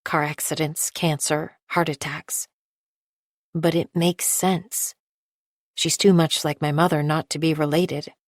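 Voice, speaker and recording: A woman reading a first-person novel aloud in a measured, precise, detached way. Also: low voice, flat delivery, no echo, studio quality. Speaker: audiobook narrator. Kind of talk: first-person scripted narration.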